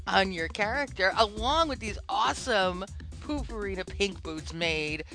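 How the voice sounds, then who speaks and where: Upbeat woman podcast co-host, playful teasing, clear music bed underneath. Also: mid-range voice, animated, measured pace, sharp tone. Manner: teasing, upbeat, laughs often. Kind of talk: casual chat.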